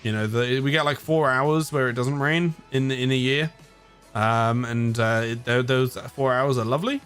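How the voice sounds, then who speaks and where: A man's voice: medium pitch, steady tone, moderate pace, fairly bright tone, soft background music. A man with an English accent, from the United Kingdom, chatting casually on a live stream, tired, rambling and often chuckling at himself.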